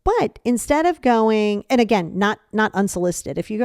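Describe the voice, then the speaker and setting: A woman talks through her podcast in a casual, animated way. She is openly sarcastic and slips into quick impressions of other people. Her voice sits at an ordinary middle pitch, and the recording is dry and close. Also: clean tone, no echo. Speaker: podcast host. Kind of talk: casual advice talk.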